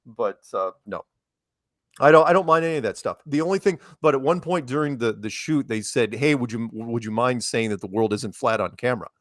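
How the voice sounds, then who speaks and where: A man's voice: medium pitch, a little fast, fairly bright tone, no echo. Man, guest on a call, casual rambling storyteller, dry close sound. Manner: rambling storyteller, quotes people. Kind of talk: casual chat.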